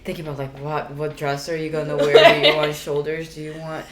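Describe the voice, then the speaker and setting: A young woman co-hosting a podcast, emotional and giggly, swearing casually in relaxed chat. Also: low voice, a little fast. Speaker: podcast co-host. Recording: echoey room, faint noise.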